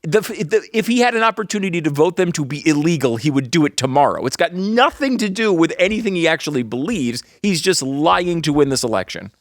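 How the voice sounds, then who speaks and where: A man's voice: fairly high pitch, animated, a little fast, few pauses, no echo, clean studio sound. A man hosting a podcast in casual comedic chat, laughing often and restarting his sentences. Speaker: podcast host.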